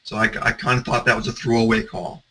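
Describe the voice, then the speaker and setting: Male consultant with a bright, sharp voice, talking through examples in a conversational style. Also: medium pitch, little pitch movement, fast, a little hiss or hum, rough recording. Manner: conversational storytelling, some restarts. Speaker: security consultant. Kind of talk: presentation talk.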